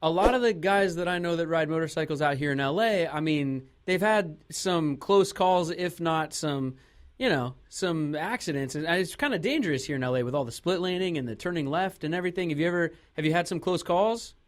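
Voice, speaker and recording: A man hosting a casual radio interview, reacting quickly and laughing along with his guest. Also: fairly high pitch. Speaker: host.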